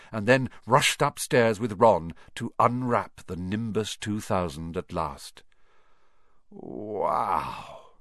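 A man narrating a children's fantasy novel in an expressive storytelling manner. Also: lowish voice, no room sound, clean studio sound. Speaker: audiobook narrator.

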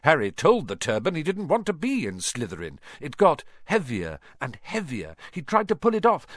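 A man narrating a storybook in an expressive, animated way. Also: a little high, no room sound, clean studio sound. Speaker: audiobook narrator.

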